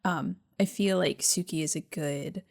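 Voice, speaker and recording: A woman's voice: on the low side, unhurried, creaky. Thoughtful chatty woman podcast co-host. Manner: thoughtful, lots of filler words and self-corrections. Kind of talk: casual chat.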